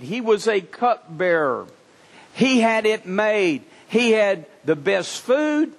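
A man preaching a sermon, telling a scripture story in an animated way and often repeating words as he restarts. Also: high-pitched. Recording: long reverb from a hall.

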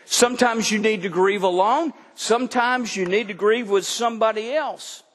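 A man's voice: sits high, moderate pace. A middle-aged man preaching a sermon as pastor, talking in a conversational, folksy way. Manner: conversational, folksy, animated with laughs. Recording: long hall reverb.

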